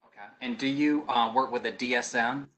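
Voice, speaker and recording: A man's voice: mid-range voice, steady tone, fairly quick, fairly bright tone. A man with a Southern US accent hosts a webinar over a video call. He asks his guests short, polite questions and keeps things moving. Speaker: webinar host. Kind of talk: hosting a webinar.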